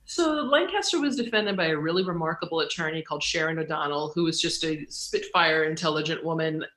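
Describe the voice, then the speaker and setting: A middle-aged woman speaks as an interview guest, swinging between her own voice and acted-out quotes with quick leaps and bursts of laughter. Her tone is bright and forward. The room around her rings with a noticeable echo. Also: low voice, animated. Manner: acts out quoted dialogue with big jumps, laughs while telling stories. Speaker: guest, author and journalist. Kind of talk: animated interview conversation. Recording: roomy echo.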